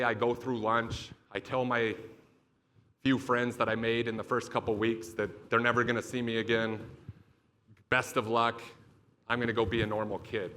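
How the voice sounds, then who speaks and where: A man's voice: medium pitch, pushed and bright. A young adult man giving a motivational keynote speech, telling a personal story in an emphatic, profane and confessional way. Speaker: motivational speaker.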